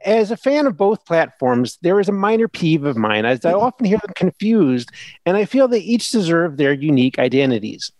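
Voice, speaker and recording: A man's voice: fairly high pitch, big pitch swings, moderate pace, a little mellow, no echo. A man reading out a listener's email in a put-on Minnesota accent, as an earnest Midwestern motorcycle fan. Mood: folksy. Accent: put-on Upper Midwest, Minnesota.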